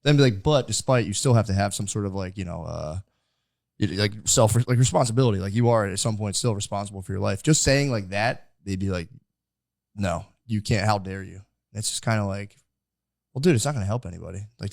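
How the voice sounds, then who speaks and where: An American podcast host, a young man, runs a casual interview, rambling and filling his speech with "like" and other fillers. His fairly low, slightly mellow voice has vocal fry and moves at a quick pace. The recording is dry, with clean studio sound.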